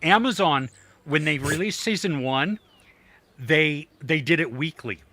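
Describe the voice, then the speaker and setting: Man, middle-aged, podcast co-host; bright tone, loose rambling chat with fillers. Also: fairly high pitch, unhurried, no room sound. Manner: rambling, lots of fillers and restarts. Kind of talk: casual chat.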